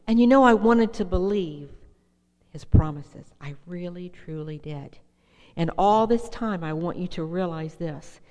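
A woman with a low voice tells her own story from a podium, emotional and earnest. Her words ring out with a long reverb trailing through the hall. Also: a little mellow. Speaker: speaker sharing her recovery story at a meeting. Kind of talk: personal testimony talk.

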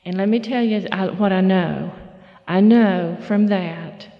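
A middle-aged woman telling her recovery story at a meeting, folksy and halting, full of fillers and restarts. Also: mid-range voice, big-room sound, lo-fi sound. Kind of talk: personal testimony talk.

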